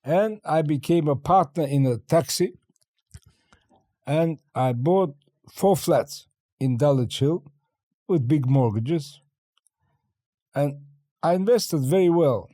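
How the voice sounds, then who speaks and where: An older man from China, a guest in an interview, telling stories in a lively way and acting out the dialogue. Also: a little high, no room sound, clean studio sound. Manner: animated storyteller acting out dialogue, laughing often. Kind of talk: interview storytelling.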